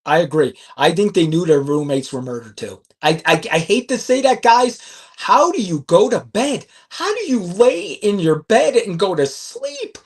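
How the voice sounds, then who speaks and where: An excitable man co-hosts a true-crime podcast, his voice swinging widely in pitch. He talks emphatically and swears freely. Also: normal speed, hardly any pauses, slightly rough. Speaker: podcast co-host.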